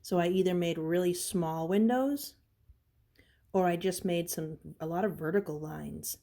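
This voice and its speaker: A woman teaching an art lesson on video, calmly explaining each step. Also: fairly low pitch, unhurried.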